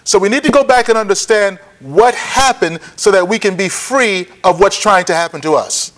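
A man teaching a Bible lesson, often checking that listeners follow and repeating key points slowly for notes. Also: high voice, fairly bright tone. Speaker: preacher.

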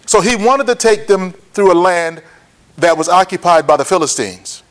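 A man teaching a Bible lesson, often checking that listeners follow and repeating key points slowly for notes. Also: high-pitched, animated. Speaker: preacher.

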